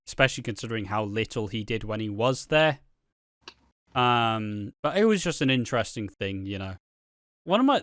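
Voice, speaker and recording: A man chats loosely about soap storylines, wandering through his points and swearing freely. His voice is smooth and clear, recorded close and dry with no room sound. He sits at a middling pitch for a man. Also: fairly bright tone, no echo. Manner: rambling, swears freely, acts out quotes. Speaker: soap opera commentator. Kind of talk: casual chat.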